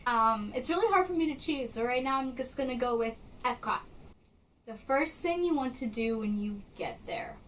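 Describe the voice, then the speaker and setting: A young woman in her bedroom chatting excitedly to camera for her vlog channel. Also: fairly high pitch, far from the mic, slight background noise, rough recording. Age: young adult. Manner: bubbly, excited, gushing. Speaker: vlogger. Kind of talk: casual chat to camera.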